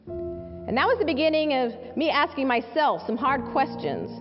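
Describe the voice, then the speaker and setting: A high-voiced woman tells a story from a stage, her pitch rising and falling with every turn. She presses her points and repeats phrases for weight. The sound is dull, with a long hall echo and faint music underneath. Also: sing-song, moderate pace. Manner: emphatic, repeats key phrases for effect. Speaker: civil rights lawyer and speaker. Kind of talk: public speech, personal storytelling.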